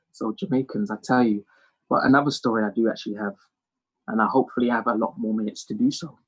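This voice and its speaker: A man's voice: fairly low pitch, quick pace, husky, highs cut off. A man doing a stand-up comedy monologue, telling self-mocking stories. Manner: storytelling, animated, self-mocking.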